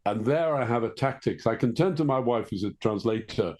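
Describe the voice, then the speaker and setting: An older man from Liverpool, a writer being interviewed, telling long anecdotes in a relaxed, discursive way. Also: medium pitch, fairly quick. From Liverpool, England. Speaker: guest writer. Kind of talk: conversational interview.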